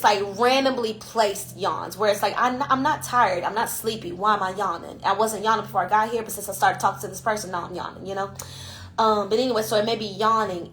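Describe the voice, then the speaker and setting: A woman hosting her own podcast in a loose, conversational monologue. She speaks as an intuitive coach, emphatic and direct, with a mid-range voice and frequent "you know" fillers. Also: mid-range voice. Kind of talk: casual monologue. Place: IG Live recording.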